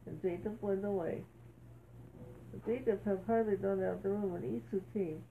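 A woman reading a bible story aloud, halting and correcting herself as she goes. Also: medium pitch, steady tone, creaky. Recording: tinny phone-like sound, faint hiss.

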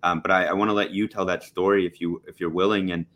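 A man's voice: low-pitched, flat delivery, fast talker, a bit bright. A man hosting a podcast, asking a guest a question politely, with hesitations and repeated words. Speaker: podcast host. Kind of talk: interview question.

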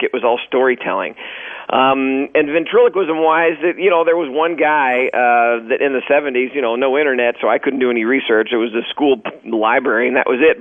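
A man's voice: medium pitch, no room sound. A man from Texas, a comedian guest on a radio show, telling stories animatedly and acting out quotes. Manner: animated storyteller, acts out quotes. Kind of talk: radio interview storytelling. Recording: dry phone-like radio line.

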